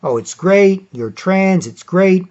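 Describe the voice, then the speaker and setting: Sugary gushing flatterer, pleading and over the top, a man putting it on, muffled lo-fi audio. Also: high-pitched, slow pace. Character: gushing, overeager welcoming man. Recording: dull lo-fi audio.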